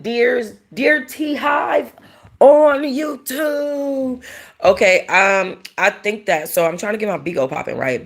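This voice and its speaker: A woman's voice: deep voice, vocal fry, fairly bright tone, slightly rough. A woman hosting a casual livestream, talking bluntly to her chat, rambling and swearing freely. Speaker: livestream host.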